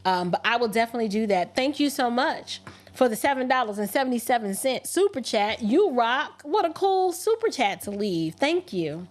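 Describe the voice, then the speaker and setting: An animated woman hosts a livestream and chats straight to her viewers. Her voice sits high, and she shoots quick, sassy asides back at their messages. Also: soft background music. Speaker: livestream host. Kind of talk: casual livestream chat reading super chats.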